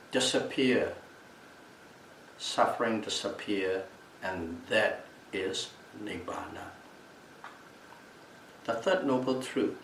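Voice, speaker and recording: A male meditation teacher giving a calm Buddhist Dhamma talk at a retreat, repeating and restating key terms as he explains them. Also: on the low side. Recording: echoey room, mic at a distance, faint background noise.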